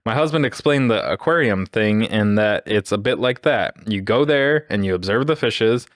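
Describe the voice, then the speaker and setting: A man with a fairly low voice reads a story aloud on a podcast. His delivery is dry and measured, and the recording is close and dry. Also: lively intonation, no echo. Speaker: podcast co-host reading stories.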